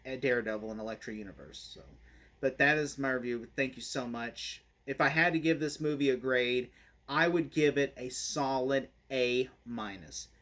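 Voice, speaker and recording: A man's voice: medium pitch, normal speed, fairly bright tone, a little hiss or hum. A man giving a casual spoken movie review, rambling and laughing often.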